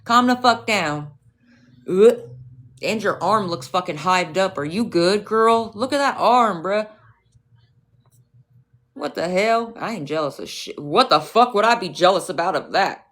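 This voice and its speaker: A woman's voice: medium pitch, animated, unhurried, fairly bright tone. A woman livestreaming, ranting at a rival and her chat in a profane, confrontational way, with mocking, scornful asides.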